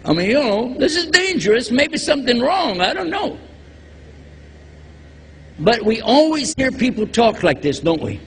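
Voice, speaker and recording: Man, preacher, jokey, quizzes audience, slow delivery, long hall reverb. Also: very high voice, sing-song. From Texas. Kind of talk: religious lecture to a live audience. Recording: long hall reverb, faint background noise.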